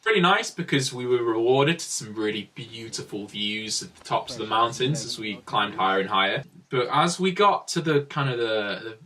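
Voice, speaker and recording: A man's voice: mid-range voice, animated, moderate pace, hardly any pauses, sharp tone, far from the mic. A young man casually telling a travel story as a vlogger, rambling with many filler words.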